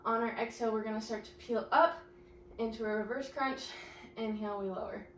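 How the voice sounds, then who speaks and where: A woman's voice: on the high side, fairly even intonation, a little fast, a bit bright, a little hiss or hum. A young woman leading a pilates class, giving encouraging cues and getting out of breath as she exercises along. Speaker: pilates instructor. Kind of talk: instructing a workout class. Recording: echoey room, mic at a distance.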